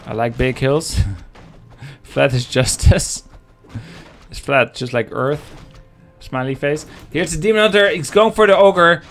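A man's voice: fairly high pitch, unhurried, fairly bright tone, soft background music. Joking, chatty male game caster. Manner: joking, chatty, talks to the chat. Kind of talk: live esports commentary.

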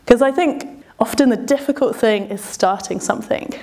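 A woman's voice: a little high, moderate pace, darkish tone. A woman telling a travel story in a chatty, self-deprecating way, laughing often. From Britain. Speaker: adventurer and speaker. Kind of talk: storytelling talk.

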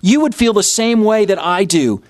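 A man's voice: sits high, lively intonation, normal speed, no room sound, studio quality, pitched above the performer's own voice. A man voicing a grieving young woman who pleads in desperation during a sermon retelling. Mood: anguished. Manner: pleading, indignant.

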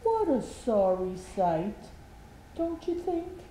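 A grandma playing a hopeful storybook helper. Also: female voice, a little high, sing-song, takes it slowly, mellow, a little hiss or hum, pitched above the performer's own voice. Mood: coaxing. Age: 80s. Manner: hopeful, coaxing. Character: cheerful round storybook man trying to help. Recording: echoey room.

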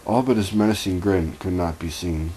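Deep-voiced man mocking a fanfic. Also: moderate pace, mellow, a little hiss or hum, low-quality recording. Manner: wry, mocking, stumbles and corrects himself. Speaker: fanfiction reader. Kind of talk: comedic reading with asides.

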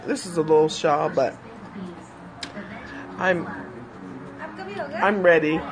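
A woman chatting casually with viewers on a phone livestream, animated and laughing often, calling them girl. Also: low-pitched, slow pace. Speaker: livestream host.

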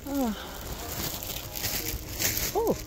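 A woman filming a casual shopping vlog in a home goods store, gushing and excitable as she talks to her viewers. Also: very slow. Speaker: vlogger.

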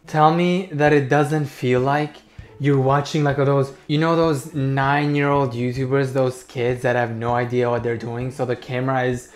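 A man's voice: mid-range voice, little pitch movement, normal speed. Young guy doing reaction commentary, sarcastic, swears a lot, echoey room. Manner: mocking, sweary, incredulous. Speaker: commentary YouTuber.

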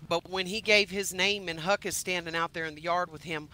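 A woman's voice: fairly low pitch, steady tone, a little fast, bright, forceful tone. A woman playing her own character in a roleplay game, heated, emphatic and swearing. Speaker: roleplay player.

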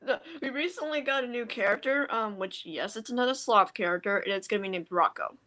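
A woman host in casual chat, excitable and quick to exclaim. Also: fairly high pitch.

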